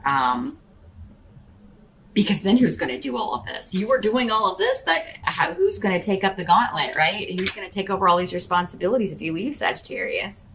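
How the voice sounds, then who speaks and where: A woman's voice: medium pitch, sing-song, fairly quick, a bit bright, a little hiss or hum, poor audio. A woman giving a casual tarot reading, talking straight to the listener with a rambling, hesitant flow full of fillers and restarts. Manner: addresses the listener directly as a star sign. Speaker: tarot reader.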